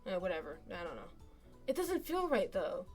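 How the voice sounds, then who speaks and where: A woman's voice: fairly low pitch, very animated, moderate pace, faint music behind. A woman streamer casually narrating a story game, reading the text aloud and chatting between passages.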